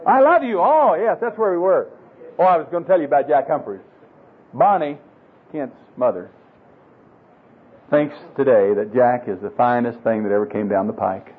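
A man's voice: mid-range voice, normal speed, long pauses, breathy edge. Folksy preacher man, tinny lo-fi sound. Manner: folksy, humorous, coaxing the audience. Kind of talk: sermon to married men.

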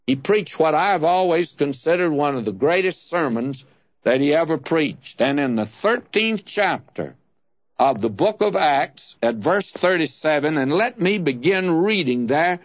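A man teaching verse by verse through scripture, reading passages slowly and measuredly. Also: on the high side, no echo. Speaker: Bible teacher. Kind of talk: expository Bible teaching. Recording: dull lo-fi dry recording.

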